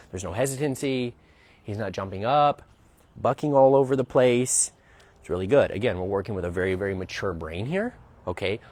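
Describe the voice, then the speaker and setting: A man's voice: on the low side, darkish tone. A man working as a dog trainer, explaining a training session outdoors as he goes and often checking in with "right?". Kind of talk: narrated training demonstration.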